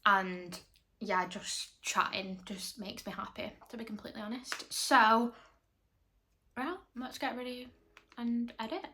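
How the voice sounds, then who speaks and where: A woman's voice: mid-range voice, fairly even intonation, measured pace, pushed and bright, a little hiss or hum. A young woman, an online fitness coach, chatting casually to camera at home in a rambling way that repeats itself. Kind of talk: casual vlog chat.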